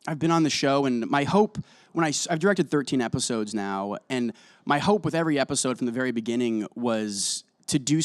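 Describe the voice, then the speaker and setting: A man's voice: mid-range voice, no echo. A man, a guest on an interview show, chatting playfully and rambling between jokes and earnest answers, tired and just over a cold. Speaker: guest actor and director. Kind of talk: casual interview chat.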